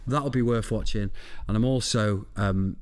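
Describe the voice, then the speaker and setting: Podcast guest: a man with a lowish voice, jokey and blunt, swearing freely and punching up his punchlines. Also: measured pace. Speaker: podcast guest, food presenter. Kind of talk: casual chat.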